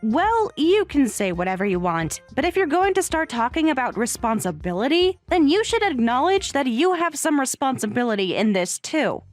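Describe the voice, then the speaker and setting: A woman's voice: high-pitched, sing-song, normal speed, few pauses, faint music behind. A woman voicing a young wife who speaks in a dry, cutting way, in a voiced story drama.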